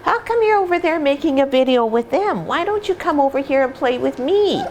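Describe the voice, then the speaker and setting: A woman voicing a young puppy that is eager and anxious, speaking in a high, pleading, squeaky voice. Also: lively intonation, a little fast, slight background noise.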